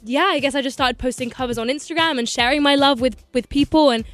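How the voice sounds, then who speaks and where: A bubbly, excitable young woman, chatting casually as a guest in a radio studio and filling her talk with "like". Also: sits high, soft background music. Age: young adult. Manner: bubbly, excitable, quick laughs, lots of "like". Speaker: singer and actress guest. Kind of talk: casual chat.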